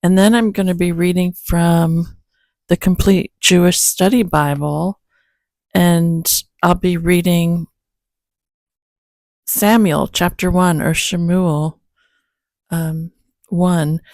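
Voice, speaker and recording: A woman chats casually at a slow, unhurried pace, her voice slightly low with a gravelly fry. The sound is dry and close. She rambles, restarts her sentences and makes small self-deprecating asides as she hosts her own show. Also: steady tone, darkish tone, no echo. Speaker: host of a Bible-reading channel. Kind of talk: casual chat.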